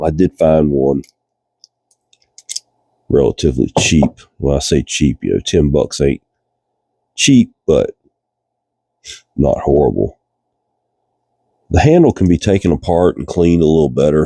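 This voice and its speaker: A man's voice: rumbling low, creaky, no room sound, clean studio sound. A man with a Virginian accent and a stuffed-up voice from a cold, chatting casually while repairing a fishing reel in a cold garage. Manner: relaxed, chatty, thinking aloud with fillers. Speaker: reel repair channel host. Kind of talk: casual workshop narration.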